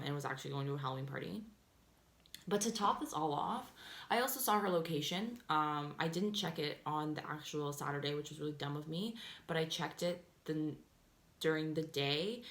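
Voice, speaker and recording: A young woman with a fairly low voice tells a storytime vlog in loose, chatty fashion. She fills her talk with "like" and "um" and slips into animated voices when she quotes what people said. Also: echoey room. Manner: chatty, fillers of "like" and "um" throughout. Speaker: vlogger.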